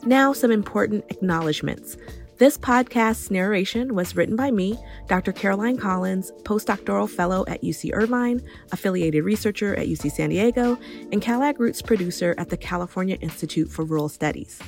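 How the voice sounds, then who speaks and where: Gravelly-voiced woman reading a podcast outro. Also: mid-range voice, a little fast, faint music behind. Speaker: podcast producer and narrator. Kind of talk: scripted outro narration.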